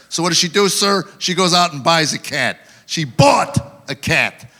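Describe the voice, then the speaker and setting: A man's voice: high-pitched, animated, moderate pace, few pauses, sharp tone. A man performing a live stand-up routine at an awards show, telling wry stories and acting out voices for the punchlines. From Tennessee, USA. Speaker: stand-up comedian.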